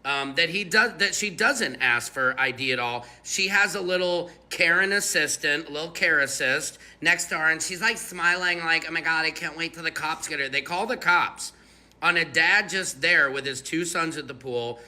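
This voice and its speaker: Bright, sarcastic man commentator. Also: on the high side, normal speed. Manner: sarcastic, mocking, animated. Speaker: online commentator.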